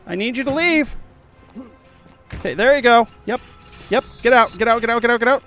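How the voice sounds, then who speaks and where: A young man playing a video game and commenting, excitable, jumping from loud yelps to quiet muttering. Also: very high-pitched, fairly quick, soft background music. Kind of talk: let's play commentary.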